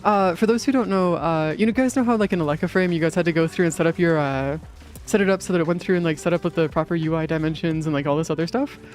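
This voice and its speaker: A laid-back gaming streamer who talks in loose, meandering bursts, piling up "uh"s and "like"s with easy casual swearing. The voice sits in an ordinary middle pitch, and faint game music plays underneath. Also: fast. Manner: rambling, filler-heavy, casual swearing. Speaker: live streamer.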